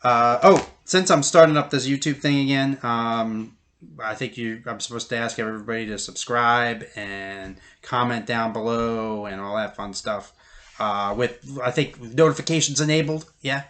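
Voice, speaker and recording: A man's voice: mid-range voice, steady tone, moderate pace, a bit bright. A middle-aged man hosting his own vlog, telling a story in a casual, conversational way with lots of fillers and a few chuckles. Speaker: YouTube host.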